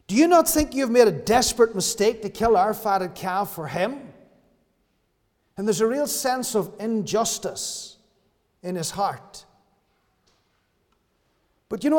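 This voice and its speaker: A man's voice: high voice, darkish tone, in a large hall. A man preaching a sermon at a church service, impassioned and acting out the voices of characters in the story he tells. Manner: impassioned, acts out voices of the brother and father.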